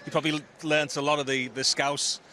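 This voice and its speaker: A man's voice: fairly high pitch, flat delivery, fast talker, pushed and bright. A man presenting a live club broadcast from an outdoor training ground, chatty and easygoing. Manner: chatty, easygoing, plugs subscriptions.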